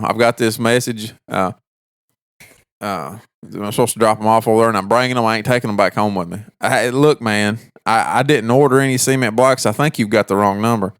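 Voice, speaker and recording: A man's voice: on the low side, fairly quick, clear, resonant tone, no echo, studio quality. A man, co-hosting a podcast and telling a long story in casual chat, acting out both sides of a phone call. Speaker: podcast co-host.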